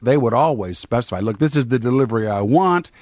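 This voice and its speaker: A man's voice: medium pitch, lively intonation, quick pace, darkish tone, no echo. A man who was a radio DJ, recalling his commercial work in a confident, emphatic way. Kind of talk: reminiscing interview talk. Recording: muffled lo-fi recording.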